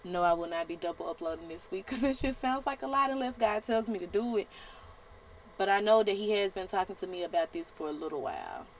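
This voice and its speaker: A woman's voice: medium pitch, sing-song, quick pace, slight background noise, poor audio. A woman hosting a podcast, giving a faith-based motivational talk in an emphatic, exhorting, colloquial way. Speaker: podcast host.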